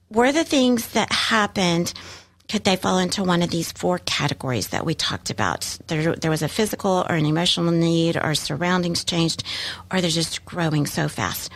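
Woman host talking straight to listeners, encouraging and kind, prepared talk, mid voice. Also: medium pitch. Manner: warm, encouraging, speaks directly to listeners. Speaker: podcast host giving parenting advice.

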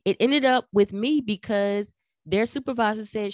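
A middle-aged woman giving career advice in an emphatic, animated talk, acting out quoted remarks. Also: mid-range voice, moderate pace, dry recording, studio quality. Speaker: career coach. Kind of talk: instructional talk.

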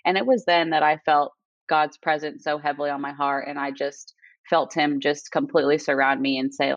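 A young woman with a notably low voice speaks earnestly and from the heart, trailing in easy "you know"s and "like"s. The sound is dull and lo-fi, dry with no room around it. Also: steady tone, normal speed, dry recording. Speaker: guest. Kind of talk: casual faith testimony chat. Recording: dull lo-fi audio.

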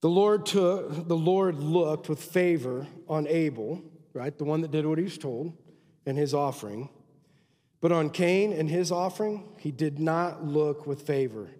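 Male pastor, high voice, emphatic sermon, long hall reverb. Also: a little slow. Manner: emphatic, swings from loud exhortation to quiet asides.

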